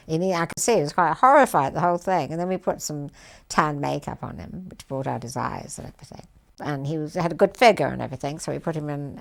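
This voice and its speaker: A woman's voice: deep voice, gravelly. A woman producer recalling how she styled an actor, speaking in a thoughtful, hesitant way. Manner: thoughtful, hesitant, with fillers and restarts. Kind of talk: reflective interview.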